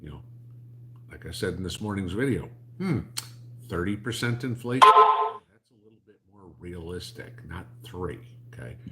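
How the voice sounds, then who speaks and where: A man's voice: low-pitched, expressive, moderate pace, long pauses, a bit bright. A man, hosting a livestream and answering chat in a blunt, rambling, sarcastic way.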